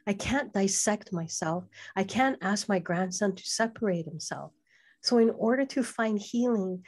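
A woman's voice: medium pitch, unhurried. Middle-aged woman telling a personal story. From Hawaii. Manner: animated, acts out quoted voices, frequent fillers. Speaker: podcast guest.

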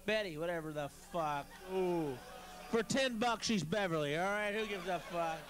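A male stand-up comedian doing a profane, raucous set with sudden shouted bursts. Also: high voice, normal speed, background noise. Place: club stage at a rehearsal.

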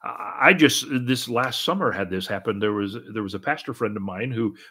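A man's voice: fairly low pitch, fairly quick, bright, forceful tone, breathy edge. A middle-aged man preaching a sermon earnestly, full of repeats and restarts. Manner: repetitive, earnest, many restarts and "and, and". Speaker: pastor.

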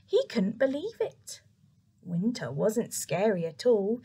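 A young woman reading a picture book aloud to children, soft and expressive, with whispered asides. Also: medium pitch, slow, husky. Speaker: children's story reader.

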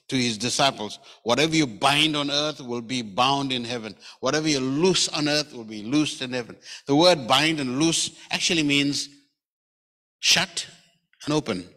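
A man's voice: mid-range voice, moderate pace, sharp tone. A man with a South African accent preaching a sermon as a pastor, telling the story conversationally and acting out quoted lines. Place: church sanctuary. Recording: church hall with long reverb.

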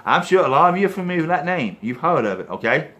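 A man's voice: a little high, sing-song, fast talker, fairly bright tone. A man preaching to a video audience in an impassioned, emphatic way. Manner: impassioned, emphatic, repeatedly saying "folks, listen".

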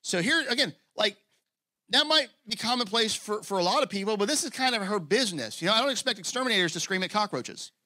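A male pastor preaching in a lively, conversational style, full of quick asides. His voice is fairly high for a man and forceful. It is recorded close and dry, with little room sound. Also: no room sound. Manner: acts out scripture quotes in character voices. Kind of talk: sermon.

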